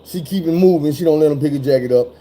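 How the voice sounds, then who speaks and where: Husky-voiced man ranting with heavy profanity. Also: fairly high pitch, fast. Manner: animated, profane, acts out voices in his retelling. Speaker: commentator. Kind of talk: casual profane commentary.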